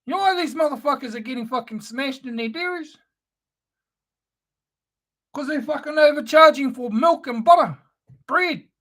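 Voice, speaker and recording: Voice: high voice, normal speed, pauses often, fairly bright tone. A speaker delivering an angry, profane, sneering spoken-word rant.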